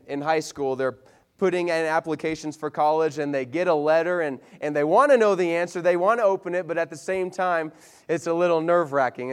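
A young man preaching a casual, animated sermon to a youth group, acting out quotes as he tells the story. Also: fairly high pitch, clean tone. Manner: animated storytelling with voiced quotes, then playful banter. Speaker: youth pastor.

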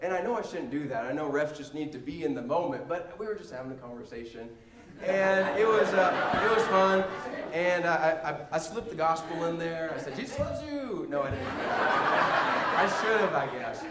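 Man, high voice, humorous storytelling sermon, echoey room. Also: animated, moderate pace, a loud crowd, very noisy. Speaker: preacher. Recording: roomy echo.

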